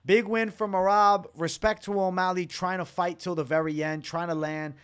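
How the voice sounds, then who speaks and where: Man, fight reaction host, slightly high-pitched, blunt and opinionated, swears a lot, late-night tired. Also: little pitch movement, moderate pace, a bit bright, clean tone. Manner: loose, opinionated, swears freely. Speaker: MMA reaction channel host. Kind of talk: casual fight breakdown to camera.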